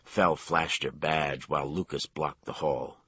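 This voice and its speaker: A man narrating a crime thriller audiobook in a measured storytelling manner. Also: very deep voice, steady tone, a bit bright, breathy edge, dry recording, lo-fi sound. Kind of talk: scripted narration.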